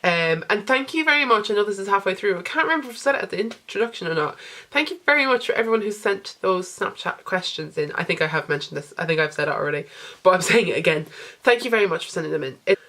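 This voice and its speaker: A woman's voice: mid-range voice, animated, fast talker, sharp tone. A woman in her twenties with an Irish accent with a posh English tinge, chatting casually and rambling through a Q&A at home, laughing often. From Ireland. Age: 20s. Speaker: vlogger. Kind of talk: casual Q&A chat. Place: home, indoors.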